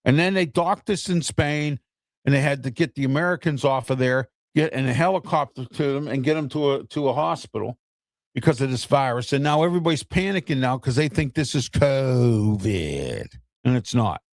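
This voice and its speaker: Gravelly man ranting blunt opinions. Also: medium pitch, normal speed, dry recording, studio quality. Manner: blunt, exasperated, talks straight to viewers. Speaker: host of an opinion show.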